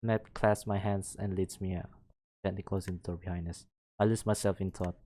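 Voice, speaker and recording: A man from Malaysia, a streamer reading a visual novel aloud in a steady manner. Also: low voice, brisk. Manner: reads narration steadily, breaking off to laugh and comment. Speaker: VTuber streamer.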